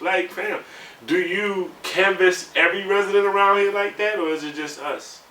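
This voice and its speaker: A man's voice: sits high, steady tone, moderate pace, sharp tone. A man in his thirties telling candid personal stories in a conversational way, often saying "you know". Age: 30s. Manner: conversational, heated when recounting, many "you know" fillers. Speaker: navy sailor interviewee. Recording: roomy sound, mic at a distance, faint background hum.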